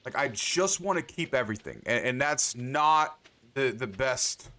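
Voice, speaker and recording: A man's voice: medium pitch, animated, unhurried, sharp tone. A man livestreaming a farming game, rambling to himself and swearing often in casual commentary.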